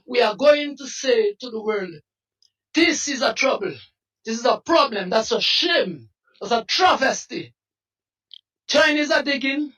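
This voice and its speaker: A protest leader with a Dominican accent and a very high-pitched voice gives a passionate interview, making fiery, preacher-like appeals with bursts of shouting. The mic sounds distant.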